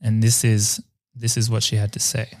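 A man's voice: lowish voice, completely flat delivery, moderate pace, a little mellow, no echo, clean studio sound. Chatty, laughing podcast host man. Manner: playful, laughs often, chatty with restarts. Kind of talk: casual chat.

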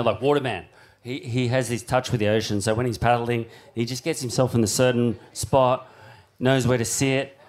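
A man with an Australian accent telling surf stories on a live stage, rambling and full of fillers, his voice jumping high when he acts out shouts. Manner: excitable storyteller, voice climbs high acting out shouts. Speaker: surfboard shaper and guest.

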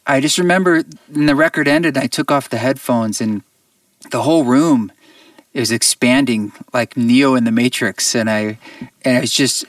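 A man, a musician guest on an interview show, tells a personal story in an earnest, reflective way with halting restarts. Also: mid-range voice, no room sound, distant mic.

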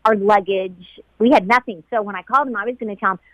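Speaking quickly at a medium pitch, a middle-aged flight attendant shares her memories in an emotional interview, sincere throughout and voicing others' lines with energy. The sound is lo-fi, without any room sound.

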